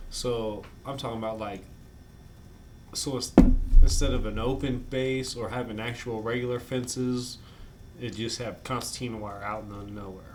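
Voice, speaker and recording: A man's voice: medium pitch, fairly even intonation, unhurried, long pauses. Laid-back man on a noisy podcast. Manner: laid-back, asks short follow-up questions. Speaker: podcast host. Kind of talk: casual podcast chat. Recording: noisy background.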